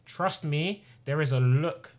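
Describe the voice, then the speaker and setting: Slow and fairly high-pitched, a man in his twenties opens up emotionally on stream from his home streaming room. He's earnest and impassioned, repeating phrases for emphasis.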